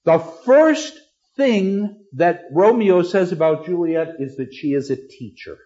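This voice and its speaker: A middle-aged man teaching literature, lecturing with lively, dramatic delivery and acting out lines of verse. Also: high voice, slow pace, highs cut off. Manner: animated, acts out lines dramatically.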